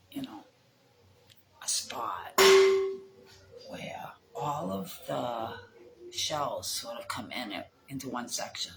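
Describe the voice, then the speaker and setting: A woman's voice: extremely low pitch, slow pace, creaky, long pauses, background noise. A middle-aged woman from the United States, telling stories in a casual vlog in a rambling, profane way and laughing often. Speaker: vlogger. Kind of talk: casual storytelling chat.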